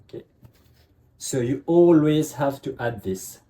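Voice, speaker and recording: Male teacher, relaxed dark tone, patient classroom explaining. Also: mid-range voice. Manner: repeats "ok" constantly, checks understanding, slow emphatic examples. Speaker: French teacher.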